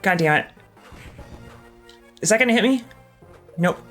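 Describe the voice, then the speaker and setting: This game streamer's high voice is animated yet unhurried, a bit bright, with faint music in the background. Providing live gameplay commentary, he chats casually and candidly, cursing often and hesitating with lots of ums.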